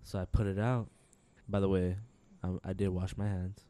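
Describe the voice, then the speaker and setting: A man co-hosting a podcast, telling a rambling story full of swearing and slang, laughing often, relaxed and high. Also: moderate pace. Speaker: podcast co-host. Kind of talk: casual chat.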